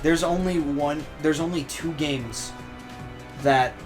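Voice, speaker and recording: A man's voice: a little high, slow, over music. A young man chatting casually as a guest on a gaming podcast, stating his opinions in a matter-of-fact way.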